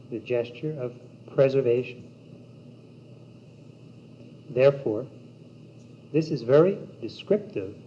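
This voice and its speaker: A man giving a yoga teaching talk in a slow, measured, meditative way, with long pauses between words. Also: mid-range voice. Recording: dull old cassette tape with faint hiss.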